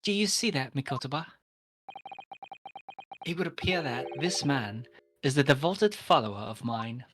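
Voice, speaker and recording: Sholmes the great detective, as a streamer puts him on for a live game dub. He is grandiose and pleased with himself, each line delivered in ornate, formal speech at an even middle pitch. Music plays clearly behind the voice. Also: moderate pace, pauses often, lightly acted. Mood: grandly smug. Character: pompous male Victorian great detective.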